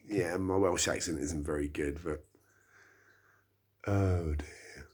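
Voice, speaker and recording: A middle-aged man talks through his early-morning podcast in a slow, meandering way, sighing between thoughts. His voice sits very low and comes out husky, with an unhurried drawl as he mulls things over at home. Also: steady tone. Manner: slow, rambling, reflective with sighs. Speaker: podcast host. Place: small flat indoors.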